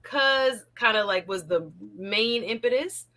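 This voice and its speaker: A woman hosting a casual interview, lively and quick to jump in, with an African American English accent. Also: a little high. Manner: lively, interjecting, laughs often. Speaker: show host.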